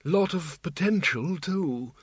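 A man doing a slow, gentle old undead wizard. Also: fairly high pitch, animated, slightly rough, no echo, voice pushed up, full character voice. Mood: mild. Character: elderly undead male wizard, mild and gentle.

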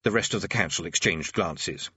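A man's voice: low-pitched, normal speed, sharp tone, husky, no echo, highs cut off. A man narrating an audiobook with a dry, wry delivery.

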